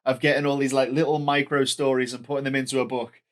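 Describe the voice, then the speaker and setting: Man, mid-pitched, upbeat co-host who keeps the chat moving. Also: little pitch movement, quick pace. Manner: upbeat, agreeable, guides the conversation. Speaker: podcast co-host. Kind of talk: casual chat.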